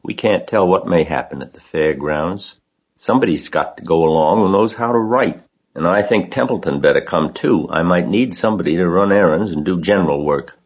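A wise, composed spider from a storybook, read by a man in his own deep voice. She speaks softly and thoughtfully, with a husky edge. The recording is dull and lo-fi. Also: fairly quick. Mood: calm. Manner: soft, composed. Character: wise calm female spider, kindly leader.

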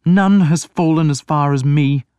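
A man's voice: on the high side, moderate pace, a little mellow, no room sound, voice pushed up, lightly acted. A man doing an anguished young prince. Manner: strained, pleading. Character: tormented young male prince, anguished and bitter.

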